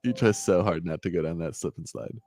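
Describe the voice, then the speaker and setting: Deep-voiced, relaxed man in casual chat. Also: a little fast, slight background noise. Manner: relaxed, hesitant, many "like"s. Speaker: co-host.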